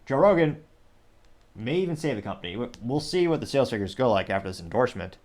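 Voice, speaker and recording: A man's voice: medium pitch, very animated, fast talker, a little mellow. A man hosting a news commentary show, rambling and correcting himself with wry asides. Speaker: show host.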